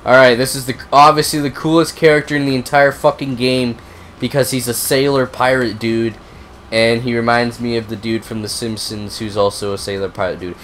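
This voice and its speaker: A young man with a cold who coughs now and then, giving profane, excitable, rambling commentary on a racing game. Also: mid-range voice, fairly quick, a little hiss or hum. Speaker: gaming video host. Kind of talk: casual gameplay commentary.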